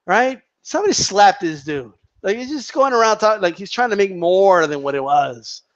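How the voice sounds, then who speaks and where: Animated high-voiced ranting man. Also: moderate pace, muffled recording. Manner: animated, profane, repeats words and stutters. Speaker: boxing commentator. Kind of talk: opinionated casual rant.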